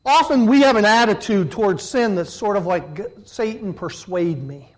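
A middle-aged man delivering a sermon in a fairly high voice. He swings between loud, emphatic peaks and quiet, hushed passages. He acts out the voices of the people he quotes. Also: normal speed. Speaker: preacher.

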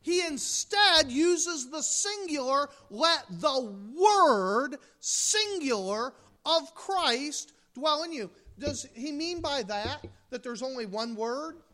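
A woman's voice: high voice, lively intonation, slow pace, sharp tone. A woman from the United States preaching a sermon, emphatic, with rhetorical questions and mocking asides.

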